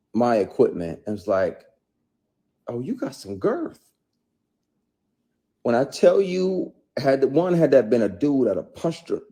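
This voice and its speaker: Medium in pitch and dark in tone, the man's voice carries an unscripted stream where the actor talks straight to viewers. He's heated and profane, blunt throughout, and keeps circling back to the same points.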